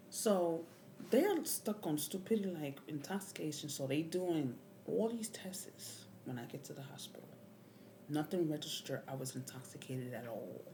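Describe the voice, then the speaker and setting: A woman's voice: low-pitched, animated, unhurried, a little hiss or hum. A woman vlogger casually recounting a story, indignant and swearing, her voice often rising sharply. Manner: indignant, swearing, rising to near-yelling at times.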